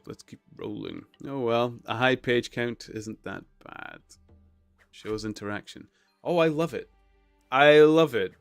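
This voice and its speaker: A man chatting casually with his viewers on a live stream, relaxed and chuckling. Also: on the high side, smooth, no room sound. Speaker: livestreamer.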